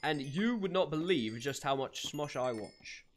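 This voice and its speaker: This live gaming streamer stays in character with a put-on accent, laughing a lot and calling out viewers by name. His voice is a little high and expressive, his pace unhurried, with slight background noise.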